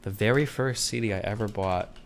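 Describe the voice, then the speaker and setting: Fairly quick and on the low side, a streamer's voice comes through with a bit of hiss or hum. He reads viewers' questions aloud and responds in a casual, blunt, profane way, rambling with lots of fillers.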